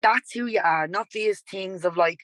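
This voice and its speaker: A woman's voice: medium pitch, moderate pace, dry recording, low-quality recording. A woman in her twenties with a Dublin accent, a podcast guest telling a personal story in a rambling, candid way. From Ireland. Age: 20s. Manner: rambling, animated, repeats "like" and "he was like". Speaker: podcast guest, yoga and dance teacher.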